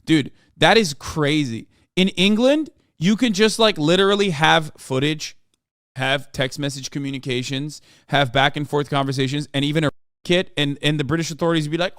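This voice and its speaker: A man streaming casual reaction commentary, reading news aloud quickly and reacting with slangy disbelief. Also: on the high side, a bit bright, clean tone, no echo, clean studio sound. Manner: incredulous, slangy, reads articles aloud quickly.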